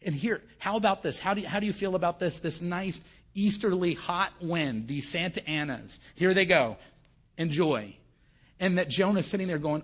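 A man's voice: sits high, lively intonation, moderate pace. A male pastor giving a conversational sermon who keeps asking the audience questions, on a dull recording.

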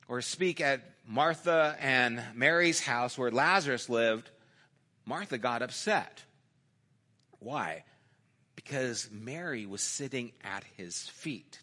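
Male pastor, sermon, bright tone, slow storytelling delivery. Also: on the high side. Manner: storytelling, acts out quoted lines in a dropped, softer voice; conversational, with small restarts.

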